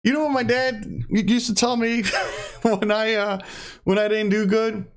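A man's voice: sits high, fairly even intonation, unhurried. A young man giving a blunt, profane pep-talk rant in a casual monologue.

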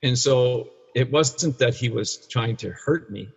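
Measured in pace, this medium-pitched voice is gravelly and slightly rough, belonging to a Canadian man in his sixties who's an addiction counselor for men. As a guest, he tells a painful personal story in candid conversation, rambling and restarting, blunt and sometimes profane, in a dull, echoey room.

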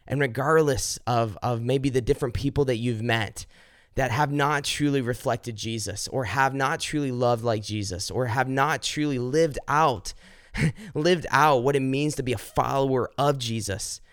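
A man's voice: normal speed, fairly bright tone, no echo, studio quality. A man hosting a faith podcast, talking earnestly with many restarts and repeated words, then praying aloud. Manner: earnest, repeats words, rises high and fervent when pleading. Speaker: podcast host. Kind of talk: heartfelt devotional podcast talk and prayer.

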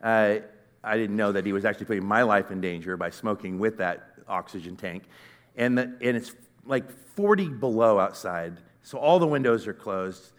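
A middle-aged man giving a sermon, telling a personal story in a conversational, earnest way that swings from loud to hushed. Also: lowish voice, normal speed. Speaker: conference speaker.

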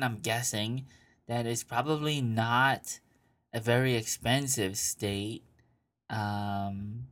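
A man's voice: mid-range voice, a bit bright. A man hosting an advice show, reading listener questions aloud and answering with crude, mocking commentary while laughing. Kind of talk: casual profane advice commentary.

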